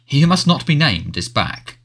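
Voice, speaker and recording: A man's voice: on the high side, sing-song, fairly bright tone, a little hiss or hum, pitched above the performer's own voice. A man doing a flustered, blustering wizard official. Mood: brisk, fussy. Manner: blustering, brisk and dismissive. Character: flustered middle-aged male wizard official.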